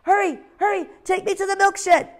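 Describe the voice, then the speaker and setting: A woman voicing a lazy young male owl in a storybook read-aloud, yelling high and shrill. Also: steady tone, brisk. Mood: frantic.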